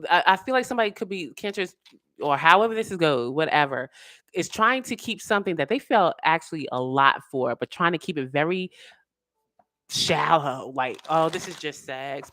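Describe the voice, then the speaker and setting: Low-voiced woman giving a casual tarot reading. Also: normal speed. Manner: animated, talks in slang and acts out quoted voices. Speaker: tarot reader.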